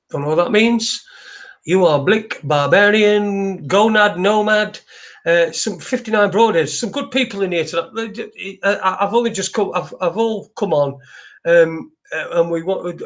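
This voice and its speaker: Rambling man, swearing freely. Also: a little high. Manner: rambling, halting, many restarts and swearing. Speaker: livestream host. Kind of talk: casual solo livestream chat.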